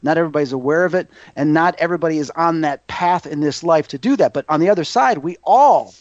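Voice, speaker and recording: Animated middle-aged man telling stories. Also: fairly high pitch, quick pace, no room sound. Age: 50s. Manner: animated, acts out quoted voices. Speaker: psychic medium guest. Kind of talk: casual storytelling interview. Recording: dull muffled audio.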